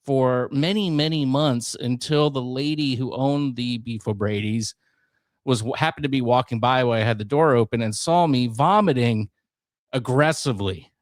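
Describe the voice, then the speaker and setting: A man, chatting casually as co-host of a talk show. He tells stories in an easy, animated way and laughs often. His voice sits at a middle pitch, and the sound is dry and close. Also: moderate pace, no room sound. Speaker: podcast co-host. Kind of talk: casual chat.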